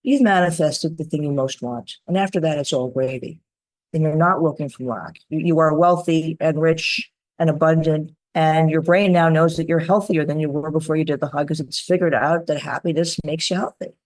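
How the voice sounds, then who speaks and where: A woman guest, an author and creativity coach, telling anecdotes in an animated, theatrical way on a podcast. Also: deep voice, normal speed. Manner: lively, theatrical, acts out voices in her anecdotes. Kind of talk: animated storytelling in a podcast interview.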